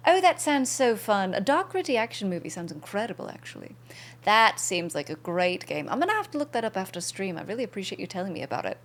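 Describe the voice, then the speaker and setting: A woman's voice: medium pitch, very animated, quick pace. A young woman streaming a game, chatting casually and bubbly with viewers and thanking them by name.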